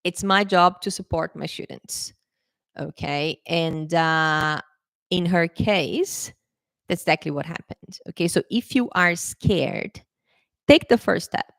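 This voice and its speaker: A woman teacher speaking straight to her students in an animated, coaxing way, her pitch jumping high for emphasis. The sound is close and dry, with no room around it. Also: slow, gravelly, dry recording. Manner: lively, animated, coaxing, repeats "okay?" and "right?". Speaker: English teacher. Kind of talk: casual talk to camera.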